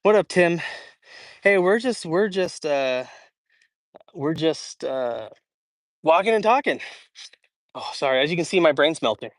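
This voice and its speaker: Outdoors in a large public park, a young man from Idaho hosts a casual walk-and-talk livestream, hot and sweaty, reading and answering chat. He's chatty and rambling, with lots of fillers and restarts. His voice is a little high and animated, at a measured pace with frequent pauses and no room sound.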